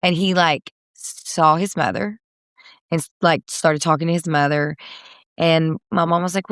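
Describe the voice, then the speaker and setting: A woman in her thirties talks through a personal story in an interview, pausing on fillers and laughing softly. Her voice sits a little low. The sound is dry and close to the mic. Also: no echo. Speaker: guest, country singer. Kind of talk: candid podcast interview.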